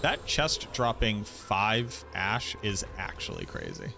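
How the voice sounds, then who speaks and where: A man's voice: fairly low pitch, wildly swooping pitch, slow, creaky, background noise. A man streaming a video game with casual commentary, playful and mock-grandiose, breaking into silly singing now and then. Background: game music.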